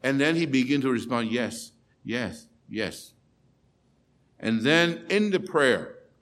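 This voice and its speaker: A man preaching a sermon and translating himself, telling a story with big swings between loud and soft. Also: mid-range voice, lively intonation, takes it slowly, pauses often. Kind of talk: sermon with self-interpretation.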